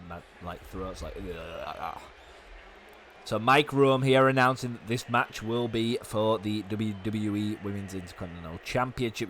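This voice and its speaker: A young man with a hoarse, fading voice, giving fast, chatty commentary on a wrestling video game. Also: lowish voice, fairly bright tone, slight background noise. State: hoarse, losing his voice. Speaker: gaming YouTuber.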